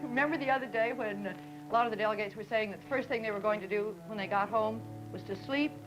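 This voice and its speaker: A woman's voice: a little high, quick pace, music in the background, rough recording. A woman moderating a 1950s broadcast student panel, friendly and laughing as she introduces guests and steers the talk.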